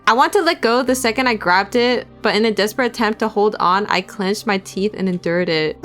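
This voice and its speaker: A woman's voice: medium pitch, a little fast, a bit bright, faint music behind. A young woman streamer reading visual novel narration aloud, breaking off into giggly casual asides to chat.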